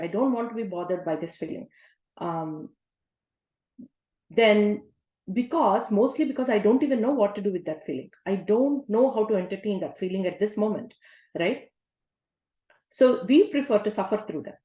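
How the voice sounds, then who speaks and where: A woman's voice: medium pitch, lively intonation, normal speed, mellow. A woman coach giving a self-help talk in a conversational way, often asking rhetorical questions. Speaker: life coach. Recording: roomy echo.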